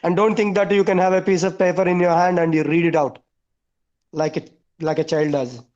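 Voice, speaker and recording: A man teaching a class over a video call, speaking in a high voice. He counts off his points one by one and repeats the key words for emphasis. The call audio comes through dull and lo-fi. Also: steady tone, fairly quick, darkish tone. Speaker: English teacher. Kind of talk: online class instruction.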